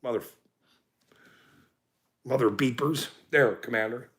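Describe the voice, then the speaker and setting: A man's voice: mid-range voice, slow pace, fairly bright tone. A man ranting with heavy swearing and then chatting casually, laughing often and rambling as he talks to his viewers.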